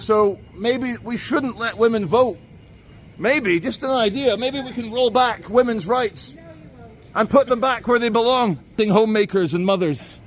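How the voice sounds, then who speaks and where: A man's voice: sits high, pitched above the performer's own voice. A man voicing an opinionated woman who rants against women voting, in a raised, mock-prim voice, recorded outdoors on a city street.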